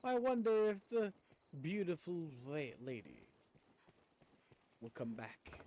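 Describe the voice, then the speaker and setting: A man's voice: sits high, sing-song, takes it slowly, long pauses, dark tone, slight background noise. A man streaming a video game, chatting casually as he plays, rambling and stammering and poking fun at himself. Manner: rambling, stammering, self-mocking. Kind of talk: casual gameplay commentary.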